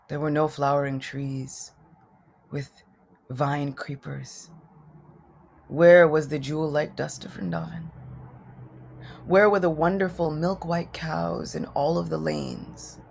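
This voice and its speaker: Brief: a woman doing a sorrowful male royal advisor, eloquent but humbled, with a husky voice. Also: low-pitched, a little mellow, exaggerated voice. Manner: earnest, sorrowful storytelling.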